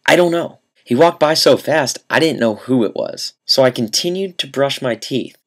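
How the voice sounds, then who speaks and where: A young man telling a comic story to camera, deadpan and mock-earnest, with dramatic pauses. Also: medium pitch. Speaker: vlogger.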